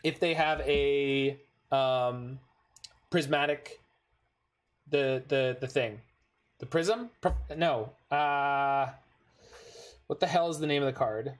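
A gaming streamer with a medium-pitched voice talks slowly, with long pauses, as he casually comments on his own card game. He talks to himself while playing and lets out frustrated, swearing outbursts when plays go wrong.

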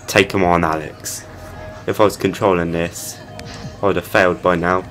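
A man's voice: low-pitched, little pitch movement, moderate pace, fairly bright tone, soft background music. A young man giving casual gameplay commentary and heckling the game characters. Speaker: gaming channel host.

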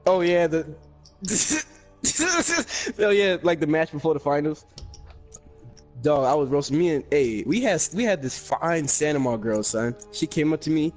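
A man's voice: a little high, measured pace, soft background music. A man telling a funny story to friends in casual chat, acting out the quotes, over online game voice chat. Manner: animated storyteller, acts out quotes. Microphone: headset on online game voice chat.

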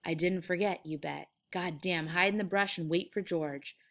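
A woman reading aloud the part of a simple-minded, childlike man who speaks softly and pleadingly. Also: fairly high pitch, normal speed, lightly acted. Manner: soft, pleading.

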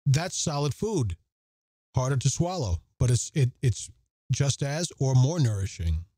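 An earnest man hosting a podcast, his voice mellow and warm. He leans on repeated phrases for emphasis and moves between reading passages aloud and talking them through, recorded dry and close. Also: medium pitch, very animated, unhurried, breathy edge, no room sound. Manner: reads scripture aloud and comments on it. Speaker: podcast host. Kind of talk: reflective Catholic podcast commentary.

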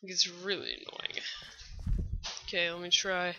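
A gamer recording a let's play at home, complaining and often clearing a thick-sounding throat. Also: mid-range voice, fairly even intonation, a little slow, muffled recording, background noise. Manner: easily frustrated, complaining aloud. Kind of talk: casual game commentary.

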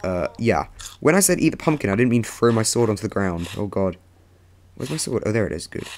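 A man's voice: on the low side, lively intonation, a little fast, a little hiss or hum. A young man rambling chattily through casual gameplay commentary as a let's play host, breaking into sudden yelps.

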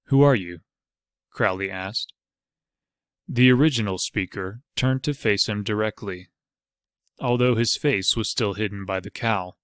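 A man reading an adventure novel aloud as narrator, in a steady, measured storytelling manner. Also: fairly low pitch, clean tone, no room sound, studio quality. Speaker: audiobook narrator. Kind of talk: scripted narration.

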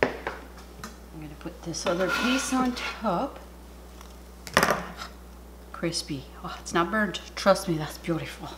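A middle-aged woman with a Canadian accent, chatting excitedly through a cooking video at home and sometimes dropping to a whisper. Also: lowish voice, takes it slowly, long pauses. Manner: chatty and excitable, drops to a whisper over food. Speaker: cooking channel host. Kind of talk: casual cooking vlog chat. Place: home kitchen. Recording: noisy home recording.

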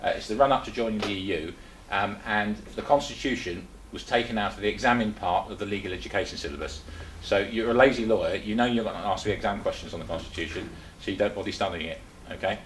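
A man's voice: fairly low pitch, fast talker, echoey room, slight background noise, poor audio. An older man from England giving a chatty talk to a small group, full of rhetorical questions and restarts. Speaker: presenter. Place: meeting room.

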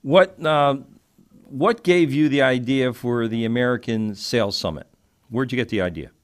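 A man's voice: mid-range voice, normal speed. A man hosting an interview, asking questions in a friendly way and laughing easily. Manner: friendly, laughs often, short prompts. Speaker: interview host. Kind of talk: casual interview.

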